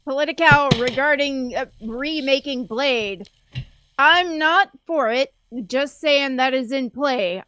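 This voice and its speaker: A woman's voice: sits high, pushed and bright, dry recording. A woman co-hosting a casual livestream, reading out viewer comments and questions. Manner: reads out comments in an unhurried way.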